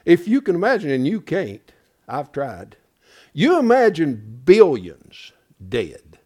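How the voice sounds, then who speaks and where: A middle-aged man preaching a sermon, folksy and emphatic, dropping from loud declarations to hushed asides. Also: a little high, wildly swooping pitch, slow pace, slightly rough.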